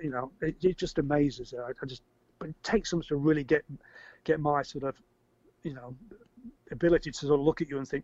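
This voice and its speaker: Older guy telling a long story, keeps repeating himself, pitch sits a bit high, dull dry audio. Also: quick pace, dry recording. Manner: rambling, repeats words, animated when acting out shouts. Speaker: guest. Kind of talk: casual storytelling. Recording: dry, slightly muffled audio.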